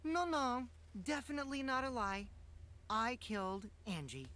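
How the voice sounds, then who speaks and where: Mischievous teen boy liar, game dub, teasing, playful, swooping pitch. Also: big pitch swings, measured pace, pushed and bright, a little hiss or hum. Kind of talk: dubbed video game dialogue.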